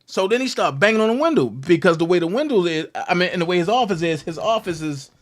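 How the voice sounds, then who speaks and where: A young man telling a story about his college days, acting out the voices of the people in it with loud jumps. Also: high-pitched, animated, quick pace. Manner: acts out quotes with big loud jumps in voice. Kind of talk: animated storytelling.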